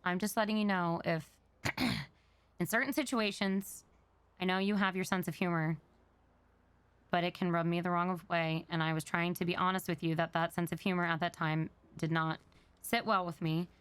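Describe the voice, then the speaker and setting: A woman's voice: lowish voice, steady tone, moderate pace, a bit bright, clear, resonant tone, dry recording. A woman talking in character during a role-play, earnest and explaining herself at length.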